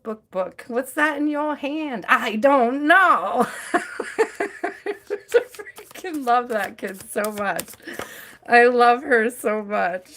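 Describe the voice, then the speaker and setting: Bright-voiced lady chatting on her live stream, laughs a lot while telling stories. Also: mid-range voice. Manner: chatty storyteller, laughs often. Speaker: tarot reader hosting a live stream. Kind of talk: casual chat on a live stream.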